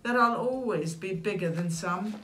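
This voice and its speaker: A woman's voice: medium pitch, moderate pace, fairly bright tone, distant mic, natural voice. A woman voicing a small, kind and cheerful male mole in a storybook, modest but brave. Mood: friendly.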